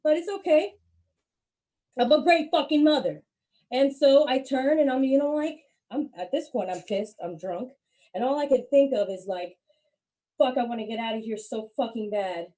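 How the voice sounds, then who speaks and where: A young woman doing stand-up, telling a profane story in a brash, animated way, swearing constantly. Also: sits high, normal speed. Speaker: stand-up comedian.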